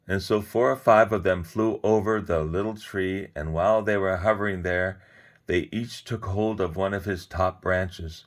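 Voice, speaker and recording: A man with a deep, low voice reads a children's story aloud at a moderate pace. His delivery is expressive and animated, full of lively emphasis.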